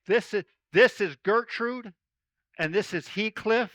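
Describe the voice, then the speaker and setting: A man's voice: high-pitched, takes it slowly, fairly bright tone, no echo, rough recording. A man speaking as a folksy cowboy storyteller, giving a playful chapel talk to children at camp. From Oregon.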